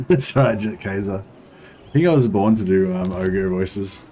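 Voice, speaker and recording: Low-voiced man rambling through gameplay. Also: normal speed, dark tone. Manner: rambling, many ums and restarts. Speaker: gaming streamer. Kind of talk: casual gameplay commentary.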